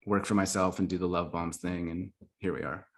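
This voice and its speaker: A man's voice: low-pitched, little pitch movement, a little fast. A man telling his life story as a podcast guest, earnest and reflective, with lots of "like". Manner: earnest, reflective, full of fillers like "like". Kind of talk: casual storytelling interview.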